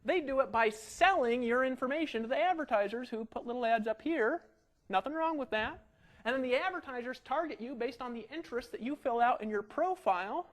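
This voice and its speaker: A man giving an energetic marketing webinar from a home setup, talking in a pushy sales patter full of rhetorical questions. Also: very high-pitched, fairly quick, poor audio.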